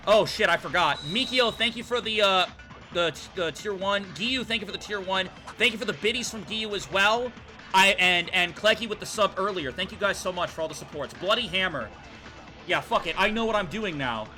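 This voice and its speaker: A young man streaming a game, excitably ranting and swearing at the characters as he plays. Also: high-pitched, brisk, faint music behind. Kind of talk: live game playthrough commentary.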